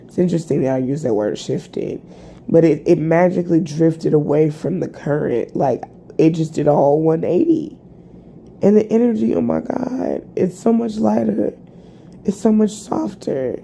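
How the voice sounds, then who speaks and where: A tired woman vlogging a rambling, halting personal reflection, full of fillers and restarts. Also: low-pitched, vocal fry, warm tone, slight background noise. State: tired, yawning. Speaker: spiritual vlogger.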